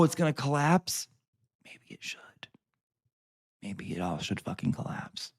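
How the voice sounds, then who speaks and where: Man, sarcastic profane ranting vlogger, pitch swings wide, mid-range voice. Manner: swears freely and repeats lines for emphasis. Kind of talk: profane sarcastic rant to camera.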